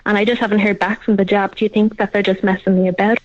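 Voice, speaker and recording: A woman from California calling in to a radio show, speaking hesitantly and haltingly. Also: mid-range voice, level tone. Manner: hesitant, soft-spoken, halting. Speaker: caller. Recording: lo-fi phone line.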